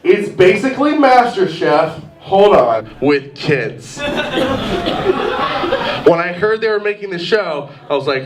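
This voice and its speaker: A stand-up comedian in his twenties performs a rambling, self-deprecating set on a pub stage, saying "like" a lot. His high voice swings widely in pitch and he talks slowly. A distant mic picks up crowd noise and the audience's laughter.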